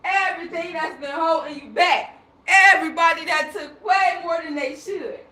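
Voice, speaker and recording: A woman's voice: extremely high pitch, moderate pace, bright, forceful tone. A woman speaking on a live stream in an emphatic, rambling, profane monologue. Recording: echoey room.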